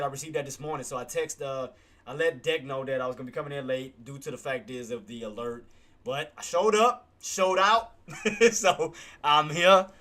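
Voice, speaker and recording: A man with a medium-pitched, slightly bright voice gives casual live market commentary on his day-trading stream. He's relaxed and slangy, calling the audience "boss" and "man."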